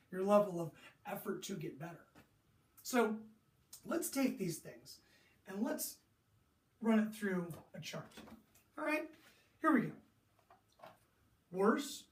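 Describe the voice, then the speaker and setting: A sports mental coach teaching young athletes, talking animatedly, asking rhetorical questions and acting out athletes' moods. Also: mid-range voice. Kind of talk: motivational lesson to young athletes. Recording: roomy echo, distant from the mic.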